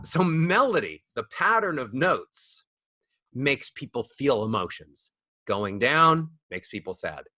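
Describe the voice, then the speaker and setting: A man teaching as a voice coach guest on a podcast, animated and demonstrating rising and falling speech melodies. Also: mid-range voice, slow pace, no room sound, studio quality. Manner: demonstrates speech melodies with sung-up acted examples. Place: studio.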